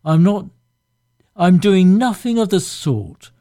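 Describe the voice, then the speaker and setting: Male reader as tired bitter wife, flat, slow, dark-toned, audiobook. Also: high-pitched, voice pushed up, full character voice. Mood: irritated. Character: weary sharp-tongued wife, woman. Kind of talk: audiobook reading.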